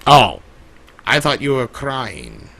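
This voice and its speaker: A man's voice: mid-range voice, huge pitch swings, takes it slowly, vocal fry, fairly bright tone, exaggerated voice. A man voicing Discord, a vain, theatrical male chaos spirit who calls people darling, drawls, sighs and laments melodramatically, in an improvised in-character Q&A livestream. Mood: fussy, bewildered.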